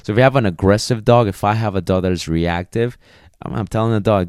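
A man who trains dogs, talking casually to his video audience as an animated storyteller who swears freely. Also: lowish voice, fast, clear, resonant tone, dry recording, studio quality. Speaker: dog trainer. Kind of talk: casual vlog talk.

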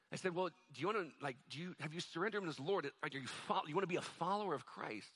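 Male pastor, bright, slightly high voice, jokey storytelling sermon. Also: lively intonation, fairly quick, husky. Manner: conversational, jokey, acts out quoted voices.

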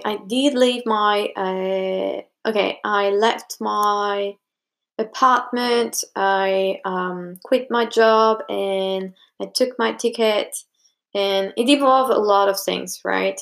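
A woman's voice: medium pitch, steady tone, slow pace, gravelly, fairly bright tone. A young woman talking casually to camera, giving advice. She rambles, with plenty of fillers and restarts, and acts out what other people said to her.

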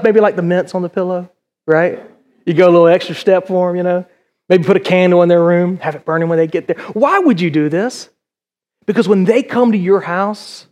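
A man's voice: sits high, normal speed, a little mellow. A middle-aged male pastor preaching a conversational sermon in a church, full of rhetorical questions.

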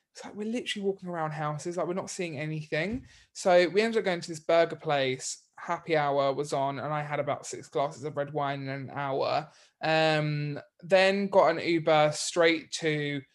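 A man telling a story in casual chat, rambling with many fillers. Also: a little high.

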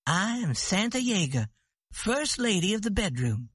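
A man voicing a young woman who owns a ranch, tender and commanding, in a slow read-aloud story. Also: high-pitched, big pitch swings, a bit bright, breathy edge, no echo, studio quality, voice pushed up, full character voice.

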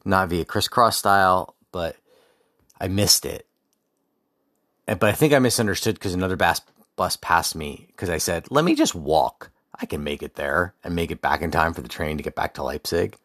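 Podcast host, young adult man, very deep voice, dry close sound, rambling storyteller with restarts. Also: a bit bright, no echo. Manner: rambling, with frequent restarts and asides; faith-focused reflection. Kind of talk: casual personal storytelling.

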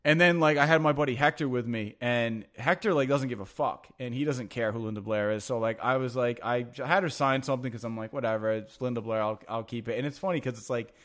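A man's voice: mid-range voice, fast talker, few pauses, a bit bright. Man, casual chat, rambling anecdotes, heavy filler words, frequent swearing, offhand delivery.

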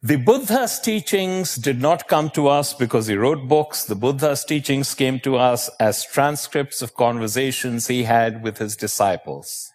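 A man giving a motivational talk, telling stories and asking the audience questions, with slow emphatic words and dramatic pauses. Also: mid-range voice. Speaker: motivational speaker.

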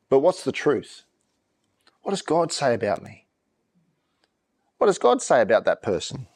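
A man's voice: lowish voice, darkish tone. Man preaching a conversational sermon. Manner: conversational preaching with slow, emphatic scripture reading. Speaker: pastor.

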